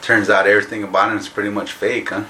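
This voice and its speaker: A man's voice: on the low side, level tone, fast talker, sharp tone, a little hiss or hum. A man co-hosting a podcast in casual chat, easygoing and chuckling as he talks, often stopping to restart. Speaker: podcast co-host and performer.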